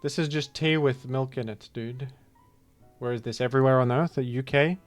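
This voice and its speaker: A man's voice: medium pitch, steady tone, normal speed, faint music behind. A man giving casual, rambling gameplay commentary, full of jokes and mock-outraged asides. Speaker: gaming video host.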